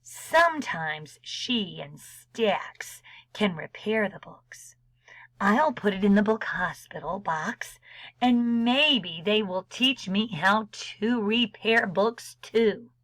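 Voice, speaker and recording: A woman librarian reads a picture book aloud at a slow, careful pace, middle-pitched and expressive. She slips into gentle whispers for quiet moments. The sound is dry and close, with no room around it. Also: no room sound, low-quality recording. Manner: slow, expressive reading with soft whispered asides. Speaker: children's librarian. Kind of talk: storybook read-aloud.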